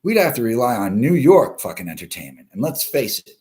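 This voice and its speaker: A man's voice: mid-range voice, very animated, brisk, a little mellow. A man hosting a live-stream news show, ranting bluntly and profanely while greeting viewers from the comments. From East Coast of the US. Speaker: livestream news show host.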